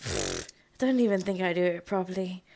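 A woman's voice: lowish voice, wildly swooping pitch, normal speed, creaky, darkish tone. A woman leaving a teasing voice note who laughs at herself. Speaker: listener sending a voice note. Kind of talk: voice-note chat.

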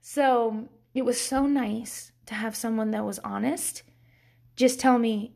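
A woman's voice: fairly high pitch, fairly even intonation, takes it slowly, vocal fry, darkish tone. A woman, a mother of young kids, giving a candid, casual self-help talk, swearing freely and laughing often.

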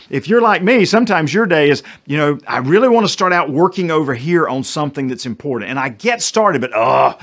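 A middle-aged man with a North Carolina accent delivers a motivational talk, his pitch rising and falling in wide, animated swings. He slips in small jokes and speaks straight to his listeners, chatty yet purposeful. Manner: animated, jokey, addresses listeners directly. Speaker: keynote speaker. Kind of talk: motivational presentation.

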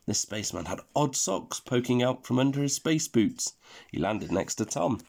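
A man reading a bedtime story aloud, expressive and playful. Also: medium pitch, moderate pace, creaky.

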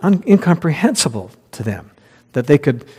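A man's voice: fairly high pitch, very animated, moderate pace, a little mellow, husky. A man preaching a conversational sermon as pastor, reading scripture aloud and laughing at his own slips. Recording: long hall reverb.

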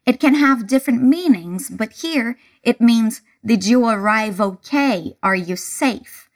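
Slow, lively woman teaching English. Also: fairly high pitch. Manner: clear, deliberate, breaks phrases into single words. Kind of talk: slow repeat-after-me pronunciation lesson.

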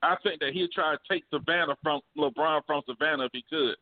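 A man co-hosting a casual sports debate, animated and slangy, laughing often. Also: on the high side, fast. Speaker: podcast co-host. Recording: phone-like remote call audio.

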